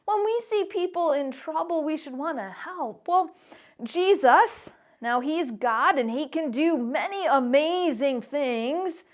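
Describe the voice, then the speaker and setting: A woman teaching a children's Bible lesson in a church, animated and playful as she tells the story to the kids. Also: high voice, slow pace.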